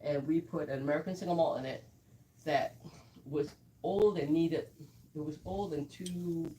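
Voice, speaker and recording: A woman's voice: deep voice, moderate pace, mellow, distant mic, rough recording. Chatty woman telling a tasting story. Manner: chatty, storytelling with quoted asides. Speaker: whiskey blender. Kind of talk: live tasting talk.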